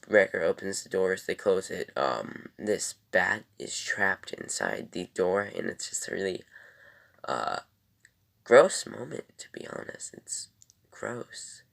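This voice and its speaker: Gravelly, deep-voiced young man reviewing. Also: fairly bright tone. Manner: rambling and loose, many ums and self-corrections. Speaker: TV episode reviewer. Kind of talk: casual episode review.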